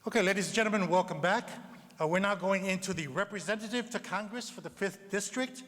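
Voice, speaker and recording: High-voiced male forum moderator in a hall. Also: a bit bright. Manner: brisk announcements with fillers. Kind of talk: live event moderating. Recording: long reverb of a hall.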